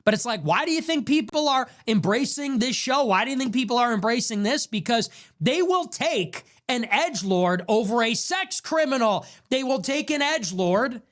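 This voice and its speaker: A young man hosting his own show, delivering an impassioned political commentary monologue full of rapid rhetorical questions. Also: very high-pitched, animated, fairly bright tone. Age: young adult. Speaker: show host.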